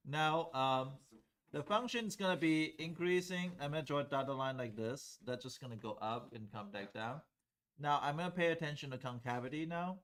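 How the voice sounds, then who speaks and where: A man's voice: a little high, moderate pace, fairly bright tone. A man teaching a calculus class, explaining steps conversationally and often checking with students whether they follow. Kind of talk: classroom lecture at a whiteboard.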